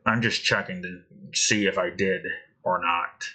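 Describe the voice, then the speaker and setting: Guy slowly muttering to himself while making his game, bright kinda sharp voice, lots of hmms. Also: deep voice, steady tone, rough recording. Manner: muttering to himself, hesitant, self-questioning. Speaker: game developer. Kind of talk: thinking aloud while building a game.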